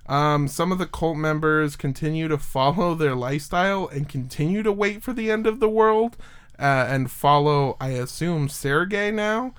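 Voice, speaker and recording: A man rambles through a story on a casual podcast, full of fillers and small jokes. His voice sits a bit high and sounds smooth and clean. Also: moderate pace, a bit bright. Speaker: podcast host. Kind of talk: casual chat, telling a story.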